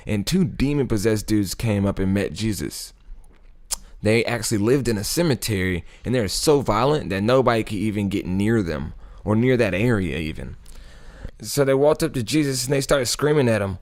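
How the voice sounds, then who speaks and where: A man with a fairly low voice walks through a Bible chapter as if chatting with a friend. His tone is laid-back and full of slang, and he chuckles often as he retells the story. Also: animated, normal speed, a little mellow. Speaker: YouTube Bible study host.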